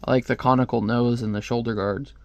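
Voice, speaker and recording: A man's voice: mid-range voice, steady tone, brisk, darkish tone. Chatty man reviewing comics. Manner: rambling and chatty, with frequent fillers.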